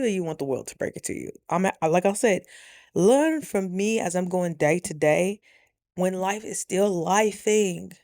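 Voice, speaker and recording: A young woman tells a story in a casual, chatty vlog, animatedly acting out other people's lines and often turning to her viewers with rhetorical asides. Her voice is a little low for a woman, and she talks at a normal speed. The recording sounds close and dry, with no room echo at all.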